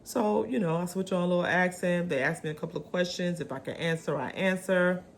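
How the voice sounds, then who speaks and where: Brief: lower-pitched woman vlogger, chatty and animated, with a faint hiss behind her. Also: brisk. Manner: chatty, animated, swooping pitch, many ums. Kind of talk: casual chat to camera.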